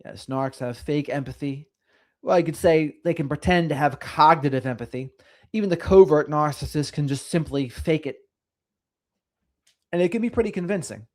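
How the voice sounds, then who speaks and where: A middle-aged man with a fairly high voice hosts a casual livestream, going through viewer comments at a moderate pace and pausing often. He chats in a lively, sing-songy way.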